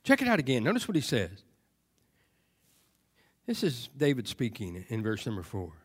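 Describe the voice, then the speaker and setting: A man preaching a sermon, moving from quiet, hushed passages to loud, emphatic cries and repeated phrases. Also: mid-range voice, huge pitch swings, moderate pace.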